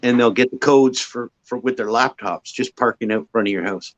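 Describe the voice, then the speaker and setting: A man's voice: medium pitch, brisk, lo-fi sound. A man telling joking anecdotes in a casual group chat, often repeating words as he starts. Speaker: chat participant.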